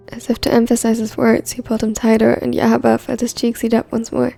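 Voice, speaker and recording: Gravelly, dark-voiced woman narrator. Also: a little high, fast talker, few pauses, faint music behind. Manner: steady storybook reading. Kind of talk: fan fiction narration.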